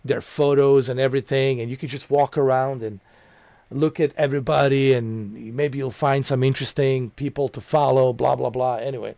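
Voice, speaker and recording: A man who streams games tells a drawn-out, loose story, full of "man," "dude," and "you know," and keeps laughing at it in amusement. His mid-range, mellow voice carries vocal fry and fairly even intonation at a moderate pace, with no room sound.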